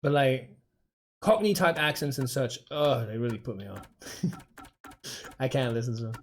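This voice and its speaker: A man's voice: mid-range voice, animated, normal speed, slight background noise. A man from Dorset with an English accent, chatting casually and rambling with lots of fillers while streaming a game. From England, Dorset. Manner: rambling, chatty, self-interrupting with many fillers.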